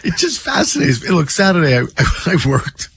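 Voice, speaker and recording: A man co-hosting a casual radio show, a former cop telling lively, incredulous stories. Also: sits high, moderate pace, gravelly, slightly rough, dry recording.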